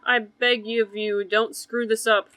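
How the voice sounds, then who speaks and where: A young woman with a high, bright, sharp voice reads a fan comic dub aloud. She keeps it playful and loose, and she trips over words and starts lines again. Soft music plays faintly behind her. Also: little pitch movement, a little slow, smooth, no room sound, low-quality recording.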